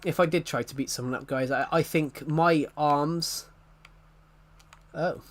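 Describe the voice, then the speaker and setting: A young man with a slightly high voice rambles through casual live-stream chat. He is self-deprecating, chuckles often, and trips over his own sentences as he goes. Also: steady tone, measured pace.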